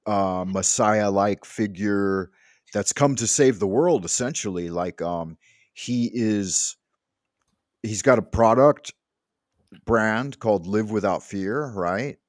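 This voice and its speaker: A man with a fairly low voice hosts a relaxed livestream from his home. He rambles loosely and drops the odd curse. The sound is dry and close, with no room echo. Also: takes it slowly. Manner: loose and rambling, swears casually. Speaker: livestream host. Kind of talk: casual chat.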